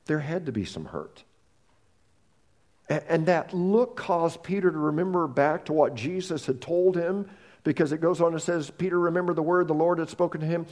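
A man preaching a sermon, telling a story with animated voices and repeating words as he goes. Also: on the high side, normal speed. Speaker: pastor.

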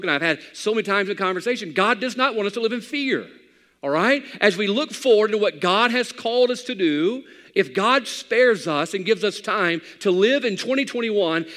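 A man preaching a sermon as pastor, swinging between loud passages and hushed ones. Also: a little high, long reverb tail.

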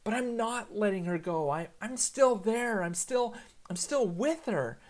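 A man in his thirties, a pastor, preaching a sermon in an earnest storytelling manner and slowing down for emphasis. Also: high voice, expressive.

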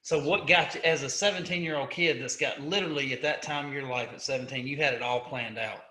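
A man's voice: mid-range voice, quick pace, bright, forceful tone, echoey room. A man hosting a podcast interview, asking earnest questions in a casual way. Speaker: podcast host.

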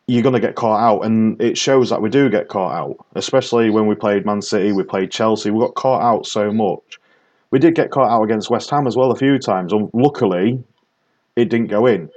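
A man's voice: fairly low pitch, normal speed, a little mellow. A man with a Northern English accent, ranting opinionatedly on a casual football podcast. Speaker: podcast co-host.

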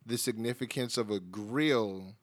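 A man's voice: fairly low pitch, measured pace, no room sound, studio quality. A man co-hosting a wrestling podcast who chimes in with laid-back jokes and asides. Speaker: podcast co-host. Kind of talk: casual wrestling talk chat.

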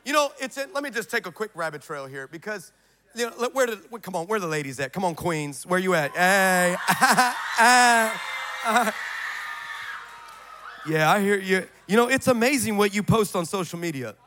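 Man preaching at church, high voice, jokey and loud with the crowd. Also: brisk, noisy background. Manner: animated storytelling, joking and shouting to the crowd. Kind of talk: sermon. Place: church service in front of a congregation.

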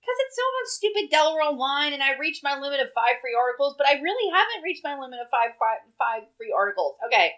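A woman in her thirties chats on a casual podcast, laughing often and swearing freely. Her voice sits a little high. The recording is dull and lo-fi. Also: sing-song, fast, few pauses, fairly bright tone. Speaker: podcast co-host. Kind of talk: casual chat. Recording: dull lo-fi sound.

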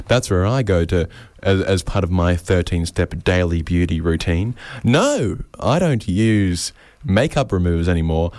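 A man with an Australian accent hosting a comedy podcast, rambling sarcastically and jumping into high mocking voices when he quotes people. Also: expressive, moderate pace, a little mellow, dry recording. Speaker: podcast host.

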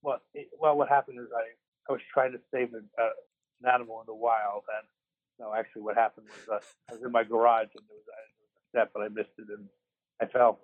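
Over a tinny phone line, a mid-range voice with a level tone speaks at a quick pace, with no room sound. He's a podcast co-host chatting casually about sports from a hospital room after surgery, rambling and self-deprecating with lots of restarts.

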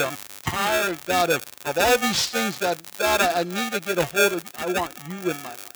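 A man preaching a sermon as pastor, impassioned, dropping soft and then building loud, often repeating words. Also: high-pitched, rough recording. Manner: repeats words and restarts phrases.

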